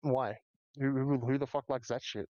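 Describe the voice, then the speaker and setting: Deadpan man with Australian accent. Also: medium pitch, moderate pace, no room sound, muffled recording. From Russia. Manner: provocative, deadpan joking. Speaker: streamer. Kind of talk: casual chat.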